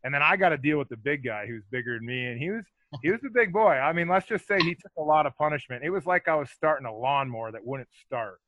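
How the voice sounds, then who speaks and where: A man's voice: a little high, fast, dull audio, crowd noise. A man telling rambling, profane stories in a casual chat, full of filler words and acted-out lines. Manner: animated, acts out other people's lines.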